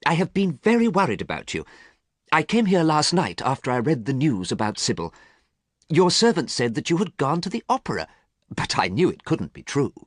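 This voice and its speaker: A man voicing an anxious, earnest male painter in a high, strained, pleading tone, recorded close and dry. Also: wildly swooping pitch, normal speed, dry recording. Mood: worried.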